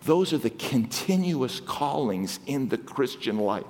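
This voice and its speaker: A man preaching a sermon as guest preacher, swinging between excited exclamations and hushed asides. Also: medium pitch, unhurried. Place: church sanctuary. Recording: long hall reverb.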